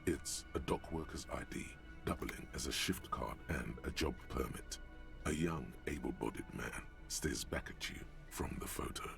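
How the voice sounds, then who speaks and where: Brief: deep fry-laden game narrator with a weighty, solemn delivery. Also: male voice, fairly bright tone, faint music behind, heavily acted. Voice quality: gravelly, slow, portentous delivery. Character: gravelly male inner narrator of a detective game.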